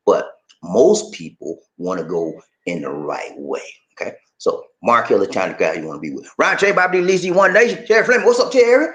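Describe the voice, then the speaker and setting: Male live-stream host, casual, lively ups and downs in pitch, chatty, drops "man" a lot. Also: a little fast. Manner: animated, chatty, often says "man"; swings between excited high bursts and low serious talk. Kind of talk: casual live-stream chat, reading viewer comments.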